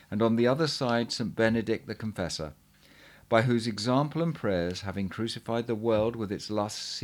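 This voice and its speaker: A man reading an old chronicle aloud in a measured, earnest way, now and then stumbling over a word. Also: lowish voice. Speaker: reader.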